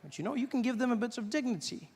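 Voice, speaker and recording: A man from Africa doing stand-up comedy, animated and mocking as he builds to each punchline. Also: very high-pitched, very fast. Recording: live hall with audience.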